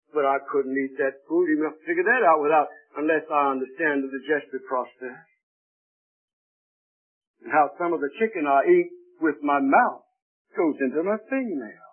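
A man's voice: fairly high pitch, moderate pace. Folksy preacher man on tinny radio. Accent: American. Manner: folksy, emphatic, swings from loud to quiet. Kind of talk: sermon. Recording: tinny old radio broadcast.

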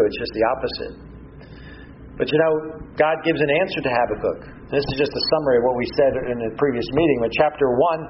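A man giving a measured, earnest Bible-teaching sermon as pastor, with frequent pauses and restarts. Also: on the high side, highs cut off, slight background noise.

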